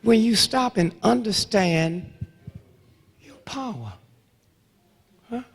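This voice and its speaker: A man in his seventies giving a fiery lecture full of storytelling, swinging between hushed murmurs and loud outbursts, with rhythmic call-outs to the audience. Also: high voice, lively intonation, takes it slowly, breathy edge. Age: 70s. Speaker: speaker addressing an audience. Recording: long reverb of a large hall.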